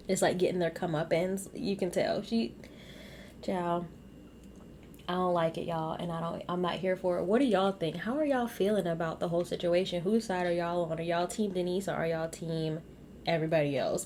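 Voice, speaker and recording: A woman hosting a casual reality TV recap, blunt and animated, talking straight to her viewers. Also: on the low side, a little hiss or hum.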